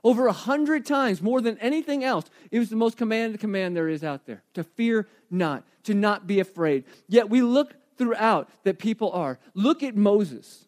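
High-voiced man preaching a sermon. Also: normal speed, few pauses. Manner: animated, questioning the congregation directly. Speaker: pastor.

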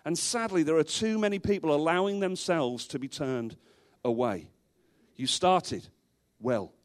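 A male pastor with a slightly high voice and lively intonation delivers a sermon to a church congregation, speaking a little slowly. He's emphatic, returning again and again to rhetorical questions and adding dry, humorous asides.

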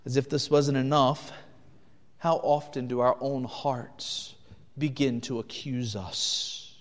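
A man preaching a sermon, earnest, swinging between loud urgent passages and hushed ones. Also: medium pitch, steady tone, a little slow, long reverb tail. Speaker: pastor.

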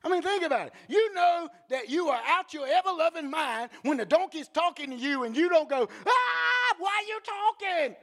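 A male preacher giving a sermon in animated storytelling, with blunt joking asides and bursts of shouting. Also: very high voice, a little fast, few pauses, big-room sound.

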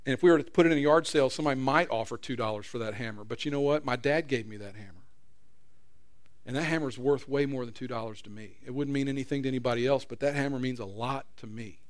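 A man's voice: mid-range voice, quick pace. Earnest middle-aged male pastor. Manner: earnest storyteller, swings from loud emphasis to quiet prayer. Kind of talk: sermon.

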